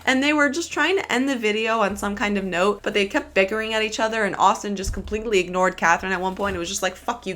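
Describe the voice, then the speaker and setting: A woman's voice: on the high side, pushed and bright. Woman commentator, casual and sassy, curses freely, leans hard on dramatic emphasis. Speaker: commentary YouTuber.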